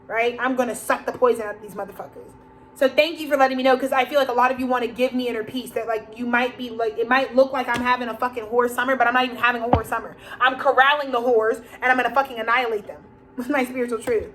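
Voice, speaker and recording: A woman's voice: a little high, steady tone, quick pace, a bit bright, a little hiss or hum, poor audio. A woman giving a rambling, profane spoken tarot reading, laughing often and acting out the people she quotes. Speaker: tarot reader.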